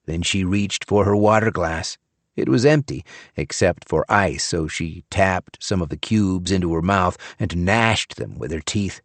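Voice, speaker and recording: A man narrating an audiobook thriller in a measured, wry tone. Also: deep voice, no room sound. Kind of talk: scripted narration.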